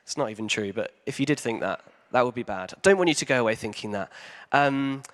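A man preaches to his church in an easy, conversational way, filling pauses with ums. His pitch sits in a middle range for a man. He pushes key lines up with animated emphasis. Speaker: pastor. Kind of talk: sermon.

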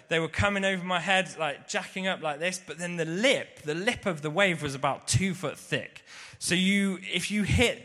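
A man telling a personal story vividly, swinging between loud bursts and hushed moments. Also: fairly high pitch. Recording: long reverb of a large hall.

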